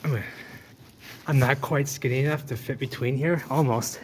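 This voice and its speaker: A man narrating as he walks through an old drained canal, talking excitedly to the camera. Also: medium pitch, normal speed. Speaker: urban explorer vlogger. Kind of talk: handheld walking commentary. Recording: noisy outdoor ambience.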